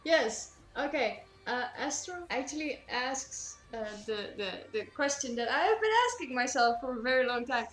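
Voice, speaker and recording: A woman's voice: sits high, expressive, normal speed, hardly any pauses, a bit bright, roomy sound, faint music behind. A woman from the Netherlands with a Dutch accent, chatting casually on a cosplay stream, rambling with lots of fillers and restarts.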